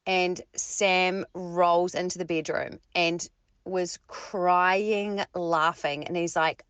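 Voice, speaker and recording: A woman's voice: on the low side, slow, clean tone, dry recording. Exasperated woman ranting in a voice note. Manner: exasperated, self-mocking, animated. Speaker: friend sending a voice note. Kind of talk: ranting voice message. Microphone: phone voice memo.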